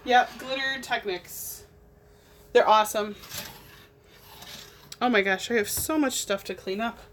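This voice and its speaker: Brief: young woman, bubbly craft livestream host, a fairly high voice, chatty asides while she works. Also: a little slow, a little hiss or hum. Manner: bubbly, chatty, talks to viewers while working. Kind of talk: casual chat while painting.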